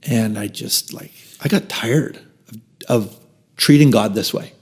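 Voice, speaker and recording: A man's voice: fairly low pitch, measured pace, slightly rough. A man in his fifties, a podcast guest telling a personal story animatedly, acting out quotes and dropping into whispers. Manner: animated storyteller who acts out quotes and drops into whispered asides.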